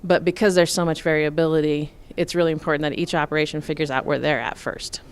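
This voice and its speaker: A middle-aged woman from Nebraska answering interview questions about farm finances in a measured, explanatory way, with frequent fillers. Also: low voice, fairly even intonation, smooth. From Nebraska, USA. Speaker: farm finance expert, guest.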